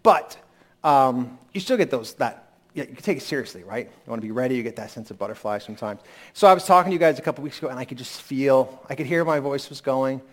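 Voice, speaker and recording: Candid pastor preaching with emphatic rises. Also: male voice, mid-range voice, expressive, quick pace. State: lingering cold. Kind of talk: sermon.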